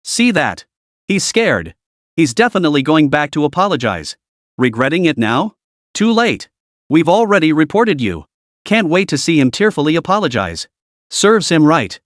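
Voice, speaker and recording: Gleeful livestream commenters jeer and gasp in a sneering, excitable voice, as a man reading the story puts them on. The pitch jumps about animatedly, and the recording is close and dry. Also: moderate pace, no echo. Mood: gloating. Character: jeering online livestream commenters, mocking and gleeful.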